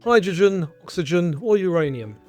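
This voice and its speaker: Male quiz host, animated delivery, measured question reading. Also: high-pitched, faint music behind. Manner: reads questions and answer choices in a clear, measured way. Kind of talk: scripted quiz show presenting.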